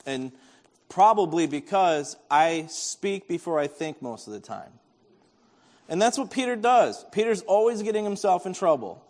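A man's voice: sits high, lively intonation, normal speed, darkish tone, big-room sound. A man preaching a sermon as pastor, telling the story with animation and acting out the voices of the people in it.

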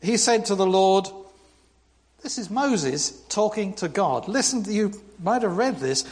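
A British man preaching a sermon in a church, reading scripture with lively, humorous asides. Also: high-pitched, measured pace, breathy edge, in a large hall. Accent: British English. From Britain.

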